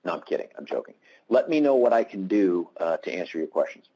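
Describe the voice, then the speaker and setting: A man's voice: low voice, sing-song, fast, dull audio. A man, a prosecutor, giving a webinar presentation over a computer mic, candid and anecdotal with self-deprecating humor.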